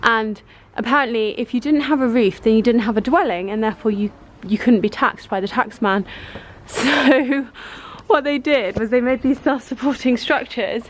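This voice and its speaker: British woman, travel vlogger, bubbly and gushing, voice sits a little high. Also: moderate pace, few pauses. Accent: British English. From Britain. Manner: bubbly, gushing, chatty tour-guide talk. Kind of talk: travel vlog chat.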